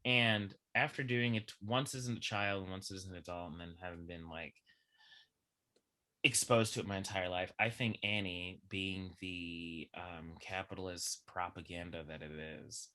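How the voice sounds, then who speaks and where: A young man with a low voice that still has a bright, forceful edge. He chats animatedly as a podcast guest and piles filler words into his run-on thoughts. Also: measured pace. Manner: animated, chatty, heavy use of filler words. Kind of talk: casual chat.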